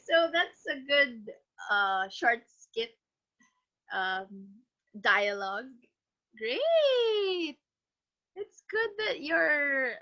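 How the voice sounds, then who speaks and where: A woman teacher, leading an online class and coaxing students to speak up. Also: high-pitched. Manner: encouraging, animated, coaxing students. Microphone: video call. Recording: muffled lo-fi online class audio.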